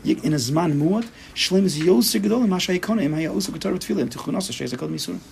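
Gravelly-voiced rabbi lecturing emphatically. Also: male voice, high voice, lively intonation, racing, darkish tone, slight background noise, rough recording. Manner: emphatic, acts out inner voices in quotes. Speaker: rabbi teaching a class. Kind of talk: Torah class lecture.

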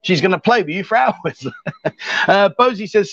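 A man's voice: high-pitched, animated, normal speed, a bit bright, no echo, muffled recording. A man from England hosting a casual livestream, teasing his guest and reading viewer comments aloud in a jokey way. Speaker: livestream host. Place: bar in Thailand.

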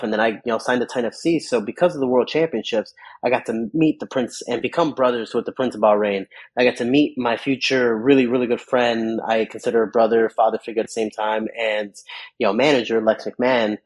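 Husky-voiced young man telling stories. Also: on the low side, low-quality recording. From Chicago, USA. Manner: rambling, animated storyteller, acts out quotes. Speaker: MMA fighter, podcast guest. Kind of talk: casual interview storytelling.

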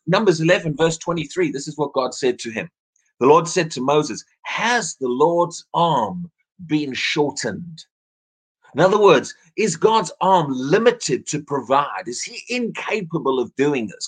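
A man's voice: fairly high pitch, big pitch swings, moderate pace, husky. A man preaching an evening sermon, earnest, often repeating words as he restarts his phrases.

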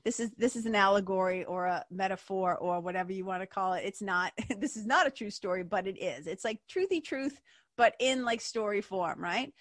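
A woman's voice: mid-range voice, dry recording, studio quality. A woman hosting a spiritual podcast, talking casually and emphatically, laughing often and slipping into playful voices. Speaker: podcast host.

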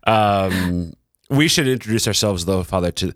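A middle-aged man co-hosting a podcast in casual chat, playful, laughing often and pausing on fillers. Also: deep voice, no echo, clean studio sound. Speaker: podcast co-host.

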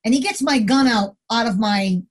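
A middle-aged woman, a retired corrections officer, telling a story casually in an interview and acting out the quotes. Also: moderate pace. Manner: animated storyteller, acts out quotes with big pitch jumps.

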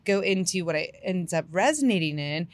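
A woman with a fairly low voice tells a personal story at a brisk pace in a casual podcast chat. She is animated, laughs often, and fills her speech with "like."

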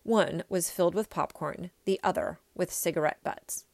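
A woman reading a children's story aloud in an expressive first-person way. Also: on the low side, moderate pace, vocal fry, dry recording. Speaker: reader.

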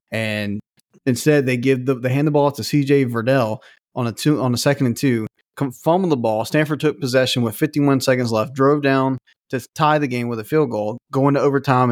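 A man's voice: mid-range voice, no echo, clean studio sound. A man co-hosting a casual sports podcast, recounting game details and stats. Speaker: podcast co-host.

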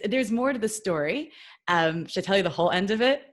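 A woman from New York, a podcast guest, telling a personal story in a chatty, animated way with lots of fillers and restarts. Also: mid-range voice, brisk. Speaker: podcast guest, business consultant. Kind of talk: casual storytelling.

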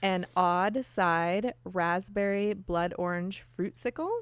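A woman's voice: fairly low pitch, takes it slowly, clean tone, no room sound. A woman co-hosting a podcast, chatting casually and cheerfully as she describes her drink in detail into a podcast mic. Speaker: podcast co-host. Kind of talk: casual chat over drinks.

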